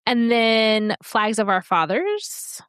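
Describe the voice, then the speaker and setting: A woman co-hosting a podcast in casual chat, talking in a chatty, rambling way with quick asides. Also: a little high, sing-song, fairly bright tone, clean tone, dry recording, studio quality. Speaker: podcast co-host.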